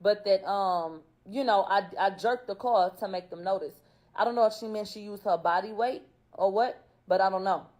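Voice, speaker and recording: A woman's voice: medium pitch, normal speed, darkish tone. A woman in casual commentary, bluntly retelling court testimony with profanity and questions to her viewers. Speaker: YouTuber recapping court testimony.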